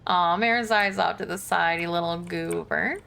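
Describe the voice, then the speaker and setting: A young adult woman streamer chatting casually and reacting quickly while playing a video game. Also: on the low side, creaky, sharp tone, smooth. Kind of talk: casual gameplay commentary.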